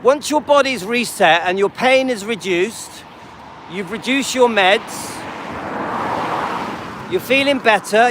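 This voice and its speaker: A man's voice: high voice, a bit bright, slight background noise. A man hosting a live stream, casually answering viewers by name and often checking in with "yeah?" and "okay?". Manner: frequent restarts and repetition. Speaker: livestream host.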